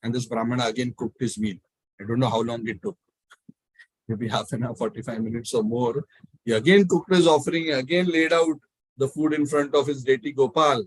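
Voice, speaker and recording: A man telling a devotional story in a talk, animated and acting out the characters. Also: medium pitch, a little fast, slightly rough, no echo, rough recording. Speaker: spiritual speaker.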